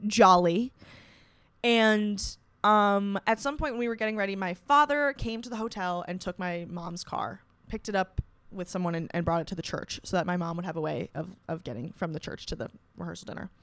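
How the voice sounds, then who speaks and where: A woman's voice: mid-range voice, a bit bright, no echo. A young woman hosting a podcast, telling a story in a casual, profane, self-mocking way. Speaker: podcast host.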